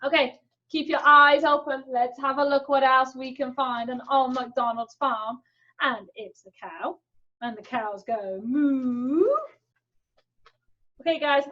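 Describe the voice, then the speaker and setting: High, slow, playful woman teacher. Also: highs cut off. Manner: animated, playful, makes animal sounds. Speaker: sign language teacher. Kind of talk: children's lesson.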